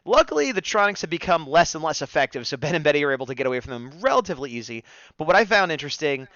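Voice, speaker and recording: A man's voice: on the high side, very animated, racing, bright, forceful tone, no room sound, lo-fi sound. A man co-hosting a casual live-stream discussion, chatting, reading viewer comments aloud and laughing often. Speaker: co-host of a fan discussion stream.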